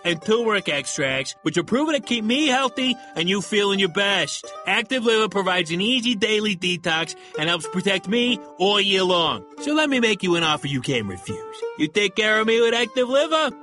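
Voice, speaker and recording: A man's voice: sits high, sing-song, normal speed, hardly any pauses, bright, forceful tone, faint music behind, full character voice. A man voicing a talking liver in an ad, a chummy wiseguy with cocky mob-style patter. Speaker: ad character.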